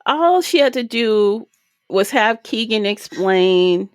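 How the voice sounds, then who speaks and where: A woman's voice: mid-range voice, animated, slow pace, clean tone, no echo, clean studio sound. A woman co-hosting a podcast, giving a casual and joking book review. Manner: laid-back, joking, swears casually. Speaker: podcast co-host.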